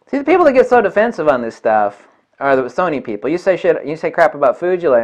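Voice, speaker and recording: A man's voice: fairly high pitch, very animated, quick pace, highs cut off. A man reviewing camera lenses in a vlog, blunt and combative, swearing often and repeating points for emphasis. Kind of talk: ranting product review vlog.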